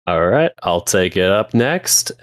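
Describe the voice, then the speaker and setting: A man's voice: low-pitched, sing-song, measured pace, no echo, studio quality. A man guest on a podcast roundtable, greeting listeners in an upbeat, welcoming way. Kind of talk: casual roundtable chat.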